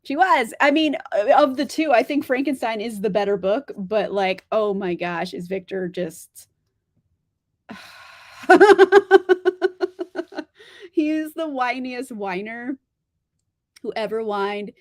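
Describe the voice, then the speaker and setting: A woman's voice: a little high, lively intonation, takes it slowly, long pauses, no echo, studio quality. A young woman chatting casually on a live stream about books, laughing often and speaking bluntly. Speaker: book streamer answering chat.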